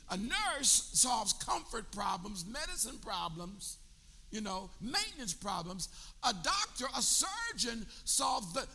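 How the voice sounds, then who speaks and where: In a church sanctuary full of long reverb, an older pastor delivers a sermon built on call-and-response, pressing the congregation to answer him. His very high voice is gravelly, pushed and bright.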